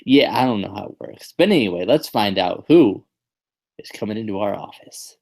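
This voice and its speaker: A man's voice: lowish voice, animated, moderate pace, vocal fry, darkish tone. A man hosting a podcast in casual chat, joking and rambling with fillers and restarts. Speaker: podcast host.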